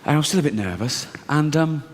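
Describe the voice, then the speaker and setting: A man's voice: a little high, lively intonation, brisk, long reverb tail, slight background noise. A man performing a stand-up comedy routine, telling stories sardonically, mocking his own fears and swearing freely.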